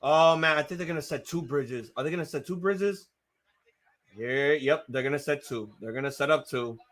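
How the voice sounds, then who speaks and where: A man hosting a live wrestling watch-along, reacting with excitable, profanity-laced outbursts while his voice gets strained. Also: fairly high pitch, moderate pace. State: voice getting strained.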